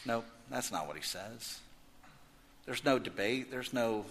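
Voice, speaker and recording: A man preaching a sermon as pastor, swinging from loud emphasis to hushed intensity. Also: medium pitch, normal speed. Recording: echoey hall reverb.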